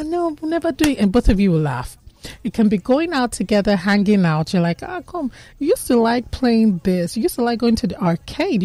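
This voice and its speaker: A woman with a Nigerian English accent talks through relationship advice in a relaxed, chatty way. Her voice is mellow and warm, and the sound is close and dry. She keeps slipping into playful voices to act out quoted bits of dialogue. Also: mid-range voice, no room sound. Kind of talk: casual advice talk.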